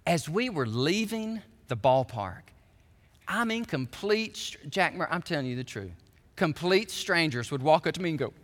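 Animated pastor preaching in a hall. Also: male voice, on the high side, moderate pace. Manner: animated, swings from quiet prayer to loud shouting. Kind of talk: sermon. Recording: reverberant hall.

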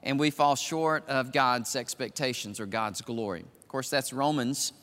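Older pastor preaching in a reverberant hall. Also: male voice, medium pitch, unhurried. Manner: swells from quiet musing to loud emphatic preaching. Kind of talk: sermon. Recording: long reverb of a large hall.

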